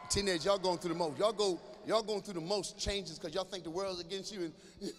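A man doing stand-up comedy with a high-pitched voice, working the crowd directly and bursting into shouts. He is middle-aged and performs live in a big church venue. The sound rings with a long echo, and there is a faint hum of ambience behind him. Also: fairly quick. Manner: animated, addresses the audience directly, breaks into shouts. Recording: echoey hall with faint ambience.

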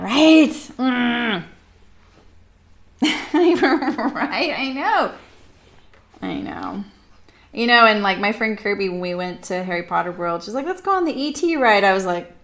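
A woman's voice: mid-range voice, fairly bright tone. A woman in her forties from Southern California, hosting a sewing livestream and telling rambling stories with lots of fillers. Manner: chatty, rambling storyteller with frequent fillers and laughs. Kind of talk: casual chat while sewing. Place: home sewing room.

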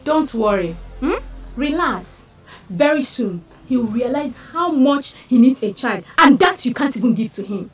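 A woman's voice: high-pitched, animated, normal speed. An actress with a Nigerian accent playing a bold young woman who chases a married man and mocks his wife. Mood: mocking. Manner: brazen, mocking. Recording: film scene with loud background music.

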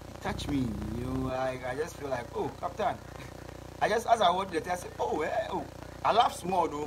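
A young man speaking Ghanaian Pidgin English, addressing his fans in a casual, rambling video message and repeating words as he searches for them. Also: on the high side. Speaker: musician. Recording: noisy, with passing vehicles.

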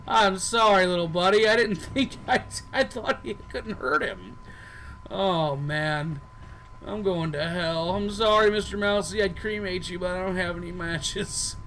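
A man's voice: sits high, lively intonation, unhurried, fairly bright tone, faint music behind, rough recording. A man giving casual gameplay commentary as a let's player, goofy and joking, chatting to the characters on screen. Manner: goofy, jokes and talks to game characters.

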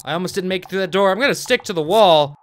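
A young man commentating his play of a horror game, jumpy and yelling whenever he is startled. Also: high-pitched, very fast, smooth. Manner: jumpy, shouting and screaming when startled. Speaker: gamer.

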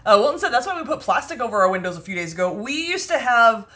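A woman with a bright, fairly high voice chats casually on a home vlog. Her pitch swings freely as she giggles and reads viewer comments aloud between asides. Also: sing-song, quick pace. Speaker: baking vlog co-host reading live chat. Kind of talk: casual chat.

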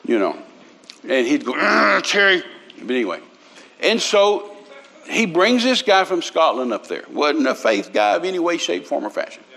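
Folksy older preacher telling stories. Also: male voice, fairly high pitch, sing-song, moderate pace, fairly bright tone. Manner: folksy, humorous storytelling with lots of restarts. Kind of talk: storytelling sermon.

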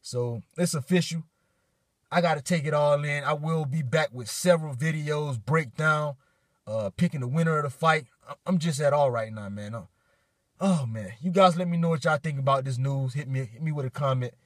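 A man's voice: fairly high pitch, moderate pace, dry recording, studio quality. A man reacting on his vlog in a hyped, profane rant, getting emotional and choked up. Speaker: boxing fan vlogger. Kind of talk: excited fan reaction vlog.

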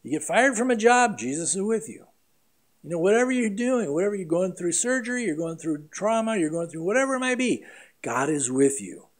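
A middle-aged man preaching a sermon as pastor, earnest and emphatic, with big swings between loud and quiet. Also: high-pitched, big pitch swings, fairly quick.

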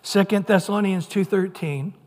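A man's voice: high-pitched, moderate pace, a little mellow. A middle-aged man preaching a sermon as pastor, earnest and conversational, sometimes putting on playful voices. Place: church sanctuary. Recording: long hall reverb.

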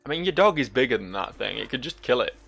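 A man's voice: medium pitch, very animated, fast talker, vocal fry, fairly bright tone, faint music behind. A man giving joking, sweary let's play commentary over a game. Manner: joking, sweary, laughing often. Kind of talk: gameplay commentary.

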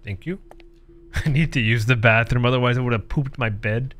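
A man's voice: mid-range voice, fairly quick, fairly bright tone. A man doing comedic commentary while playing a horror game, joking, sarcastic, laughing often and reading the game's text aloud. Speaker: gaming streamer.

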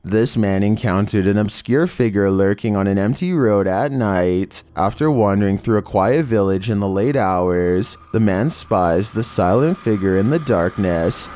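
A man narrating a scripted horror video countdown in a measured, ominous way, drawing out each entry title. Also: lowish voice, darkish tone. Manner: measured, ominous delivery with slowed, drawn-out titles.

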